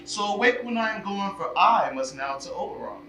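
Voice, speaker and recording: A man's voice: expressive, fairly quick, pushed and bright, soft background music, full character voice. An actor playing a mischievous male fairy sprite, delivering verse theatrically on a live stage. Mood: impish. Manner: theatrical stage delivery with big swings of pitch. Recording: echoey stage, recorded from far off.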